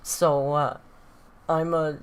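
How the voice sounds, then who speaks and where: A woman's voice: sits low, flat delivery, extremely slow, clean tone. A woman from southern Ontario with a Canadian accent, chatting casually and laughing often while hosting a livestream. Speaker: livestream host. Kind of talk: casual live chat with viewers.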